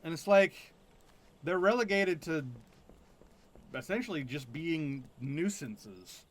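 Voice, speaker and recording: A man's voice: fairly high pitch, animated, slow pace. A man streaming a game, musing and chatting casually, often trailing off mid-thought.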